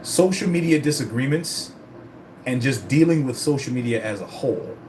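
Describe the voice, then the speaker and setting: A man with a mid-range voice talks at normal speed over slight background noise, vlogging about his fitness journey. It's casual chat: rambling, profane, and animated.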